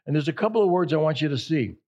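A man preaching a sermon in a slightly high, husky voice. He leans on key words and repeats phrases for emphasis. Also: expressive, very fast, a little mellow, muffled recording. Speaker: pastor.

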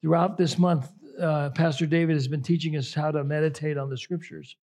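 Husky-voiced man preaching a sermon. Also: on the high side, steady tone, a little mellow. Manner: conversational, emphatic, drawn-out phrasing. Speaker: pastor.

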